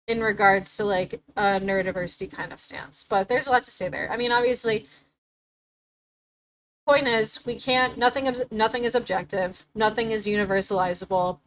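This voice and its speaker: A woman's voice: mid-range voice, fairly bright tone, low-quality recording. A young adult woman hosting a livestream, talking casually and animatedly, swearing and laughing often. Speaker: livestream host.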